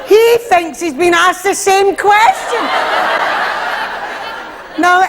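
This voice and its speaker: High-voiced Scottish woman doing stand-up. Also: unhurried, crowd noise, background noise. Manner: animated, acting out voices in her routine. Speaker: stand-up comedian. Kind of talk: live stand-up comedy. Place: stage before a live audience. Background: audience laughter.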